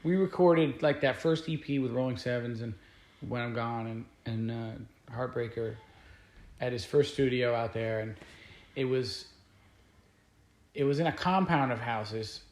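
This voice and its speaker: A man's voice: medium pitch, measured pace, darkish tone, roomy sound. A man who is a guest musician, telling stories in a casual interview, rambling along with many fillers and restarts.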